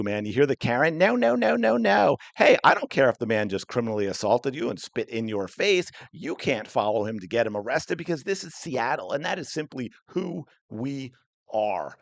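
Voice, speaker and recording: A man's voice: medium pitch, no room sound. A man hosting a sports podcast, delivering heated, indignant commentary in an angry rant. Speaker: podcast host.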